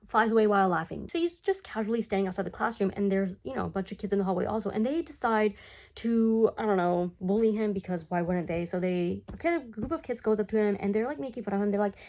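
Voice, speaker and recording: A woman's voice: medium pitch, quick pace. Sarcastic, chatty woman recapping a cartoon. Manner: animated, sarcastic, chatty asides. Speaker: commentary YouTuber. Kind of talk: casual comedic recap of a cartoon.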